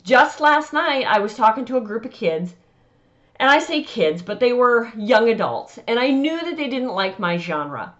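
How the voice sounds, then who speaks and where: A woman's voice: on the high side, big pitch swings, normal speed, fairly bright tone, dull audio. A woman author giving chatty, emphatic advice on selling at vendor markets and often acting out conversations. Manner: chatty and emphatic, acts out customer dialogue. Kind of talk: casual advice talk to camera.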